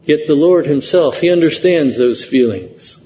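Male preacher, slow and earnest, somewhat high voice, lo-fi church-hall recording. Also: animated. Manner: slow, earnest preaching with rising emotional emphasis. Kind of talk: sermon. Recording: dull lo-fi sound with long hall reverb.

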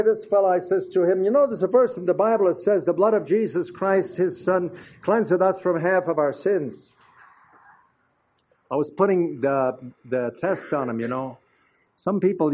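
An older preacher with a fairly high voice speaks at normal speed in a folksy, chatty sermon full of anecdotes and frequent asides to the congregation. The recording is dull and lo-fi.

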